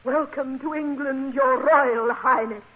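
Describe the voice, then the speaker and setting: A woman's voice: high voice, steady tone, a little slow, slightly rough. Gushing landlady. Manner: gushing, fussy. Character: gushing middle-aged woman landlady. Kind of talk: 1940s radio acting. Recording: dull, hissy 1940s radio broadcast.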